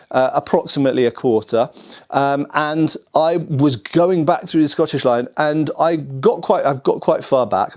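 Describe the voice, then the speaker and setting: Man from the UK hosting a sword history channel, casual to-camera explainer, chatty and musing, average-pitched voice. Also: darkish tone. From United Kingdom. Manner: chatty, thinking aloud, asks viewers questions.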